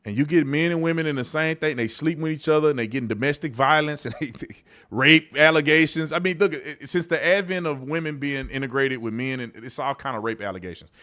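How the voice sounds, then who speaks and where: A man hosting a live-streamed talk show in a casual, colloquial way, swinging from loud outbursts to low mutters and often repeating himself. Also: brisk. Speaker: host.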